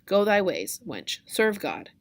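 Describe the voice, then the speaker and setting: A woman reading a play aloud in class, voicing a tired, teasing old nurse with a drawn-out, complaining delivery. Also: medium pitch, wildly swooping pitch, full character voice.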